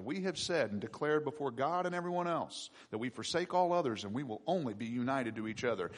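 A man preaching a sermon with emphatic delivery and sudden loud peaks. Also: medium pitch, slightly rough. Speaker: pastor.

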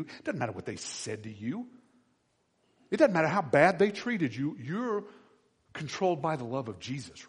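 A man preaching a sermon to his congregation, asking them questions and swinging between loud shouted passages and quiet low ones. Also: breathy edge, long reverb tail. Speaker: pastor.

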